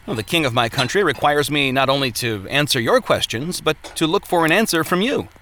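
A man voicing a cheerful, gentle male preacher who speaks kindly and stammers a little. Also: a little high, animated, fairly quick, a little hiss or hum, pitched above the performer's own voice. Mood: kindly urging.

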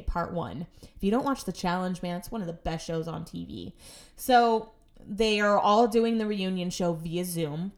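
In a medium-pitched voice, a woman delivers a casual monologue of stories about her home life. She sounds chatty and exasperated, dropping sarcastic asides along the way.

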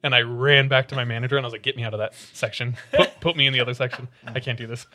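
A man in casual podcast chat, a voice in the middle of the range. He tells stories with lively swings and laughs through them, jumping between quieter asides and louder punchlines. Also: medium pitch, very fast. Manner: animated storytelling, laughs often. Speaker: podcast co-host.

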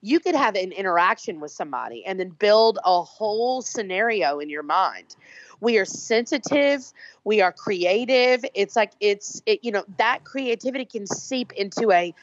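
A woman's voice: mid-range voice, expressive, normal speed, no room sound. A woman artist being interviewed, talking in a brash, emphatic, profane way. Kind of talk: casual conversational interview. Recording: dull lo-fi dry sound.

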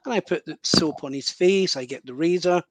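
A man with a notably high voice, spinning an animated anecdote as a guest medium. The sound is dry and close, with no room around him. He cuts himself off and restarts as the story runs on. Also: a little fast, no echo. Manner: animated, vivid anecdotal storytelling with self-interruptions. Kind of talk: storytelling in conversation.

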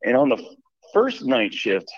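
A man calling in to a show, telling a story in a rambling, animated way. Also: mid-range voice, normal speed, dry recording. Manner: rambling, animated retelling with many "I'm like" asides. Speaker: caller. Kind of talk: casual storytelling. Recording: muffled phone call.

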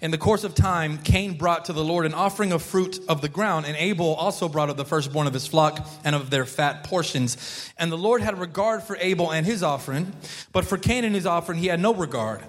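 A man with a high voice preaches to his congregation in a church, loose and conversational, tripping over and repeating words as he goes. He calls out for the people to answer back, and his voice rings with a long reverb. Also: a little fast, a bit bright. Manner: prompts the congregation to respond. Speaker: pastor. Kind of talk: sermon. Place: church sanctuary.

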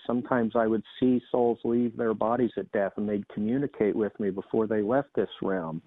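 A man, a former emergency doctor, telling his experiences as a guest in a measured, reflective way with some restarts. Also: mid-range voice, no room sound. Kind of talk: interview, personal storytelling. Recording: dry tinny phone-like line.

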